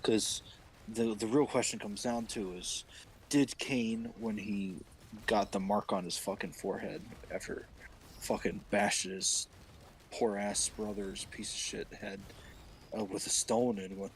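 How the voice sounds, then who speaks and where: A young man with a fairly low voice rambles through crude, mock-serious stream chatter. He circles back on his own phrases. Faint noise sits under the recording. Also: steady tone, measured pace, rough recording. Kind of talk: casual stream chat.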